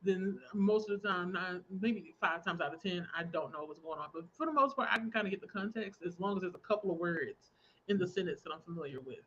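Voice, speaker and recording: A young adult woman hosting a relaxed crafting livestream, chatting casually, laughing often and reading out viewer comments. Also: lowish voice, fast talker, dull audio, slight background noise. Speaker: livestream host. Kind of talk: casual chat while crafting.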